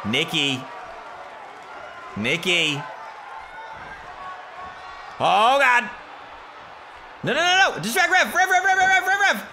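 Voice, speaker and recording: Lively high-voiced man shouting over gameplay. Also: slow pace, pauses often, some chatter behind, a little hiss or hum. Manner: animated, shouting and laughing at the game. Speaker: gameplay commentator. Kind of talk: excited gameplay commentary.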